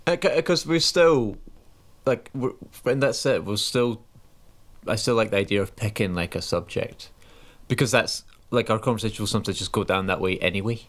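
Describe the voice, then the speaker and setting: Low-voiced man in casual podcast chat. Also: normal speed. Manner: reflective, many fillers like "like". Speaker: podcast co-host. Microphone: call recording on laptop.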